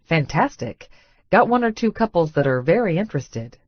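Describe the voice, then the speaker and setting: A woman's voice: on the low side, very animated, normal speed, no room sound, highs cut off. A woman voicing a smug, slick male real estate agent in an audiobook, breezy and self-satisfied.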